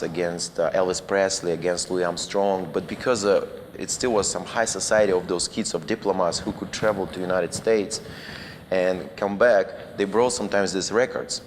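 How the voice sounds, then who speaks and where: A man's voice: low voice, big-room sound, slight background noise. A Russian man with a Russian accent, a guest cinematographer telling anecdotes casually, with loose non-native grammar, restarts and chuckles.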